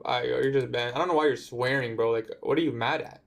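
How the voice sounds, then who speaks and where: A man's voice: mid-range voice, steady tone, fast, creaky. A young man chatting casually on his day-trading livestream, answering viewer comments in a laid-back way. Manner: laid-back, says "bro" often, talks back to chat.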